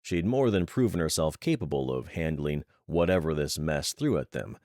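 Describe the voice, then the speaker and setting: A man narrating a thriller audiobook in steady, measured storytelling. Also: a bass voice, no room sound, studio quality.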